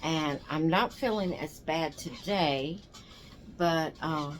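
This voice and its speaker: Older female vlogger, exhausted and rambling, slightly low pitch, faint background noise. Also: slow pace. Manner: rambling, tired, yawning. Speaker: doll channel host. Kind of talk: casual chat to camera.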